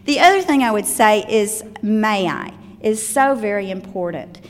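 Speaking to parents about how children should behave, this older woman with a Southern accent has an expressive, mid-range voice and a moderate pace. Her delivery is chatty and warm, with stories and asides, heard through long hall reverb.

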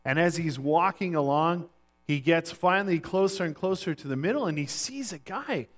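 A male pastor preaching to his church in a high-pitched voice. He tells stories in a loose, conversational way, often pausing on fillers. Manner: relaxed storyteller with frequent fillers. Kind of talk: sermon.

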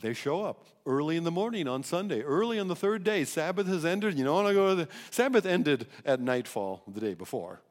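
A man preaching a sermon as pastor, emphatic and animated, often restarting his phrases. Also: fairly high pitch, brisk, hardly any pauses, big-room sound. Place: church sanctuary.

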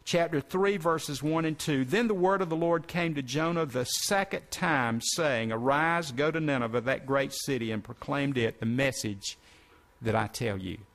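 A man's voice: medium pitch, moderate pace, a bit bright. A man preaching, reading scripture aloud and stopping to explain it to his listeners. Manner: reads verses then breaks in to explain. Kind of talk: sermon reading scripture with commentary.

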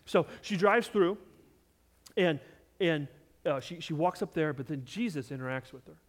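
A man preaching a sermon to his congregation, animated, asking them questions directly and swinging between loud emphasis and hushed asides. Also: on the high side, normal speed. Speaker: pastor.

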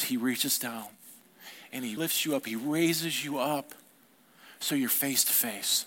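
A man's voice: mid-range voice, a little slow, a bit bright. Conversational male pastor preaching. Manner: conversational, asks the congregation questions. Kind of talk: sermon.

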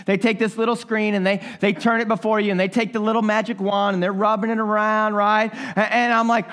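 A male pastor delivers a sermon in a notably high voice. He tells stories in a lively, animated way, acting out his own reactions as he goes. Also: brisk, few pauses.

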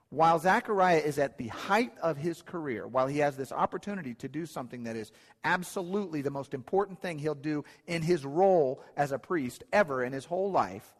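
A man preaching a sermon in an earnest, emphatic way, often repeating his key phrases. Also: fairly high pitch. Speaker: pastor. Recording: long hall reverb.

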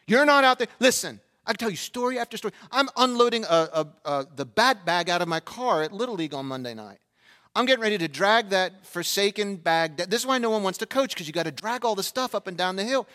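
A middle-aged male pastor preaching a sermon, telling funny stories and acting out the voices of the people in them. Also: high voice. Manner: animated, acts out quoted voices, humorous asides. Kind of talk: sermon with storytelling.

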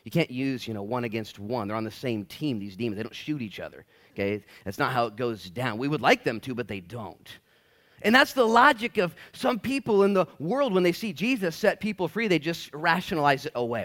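Animated, slangy man preaching a sermon. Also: fairly high pitch, a little fast. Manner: animated, slangy, acts out quoted voices. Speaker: pastor. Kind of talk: casual verse-by-verse sermon. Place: church.

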